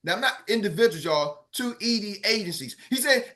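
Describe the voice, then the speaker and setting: A man's voice: sits high, lively intonation, brisk, few pauses, fairly bright tone. A middle-aged man coaching his sales team on a morning call, fired-up and preachy, calling out to the group.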